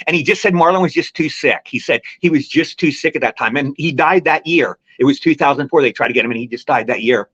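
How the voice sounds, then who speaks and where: An older man talks quickly and runs from one anecdote to the next in loose, rambling chat, his voice sitting a bit high for a man. The recording is dry and a little dull and lo-fi. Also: a bit bright, slightly rough, no echo. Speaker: actor guest. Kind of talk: casual interview chat. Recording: dry, slightly muffled lo-fi recording.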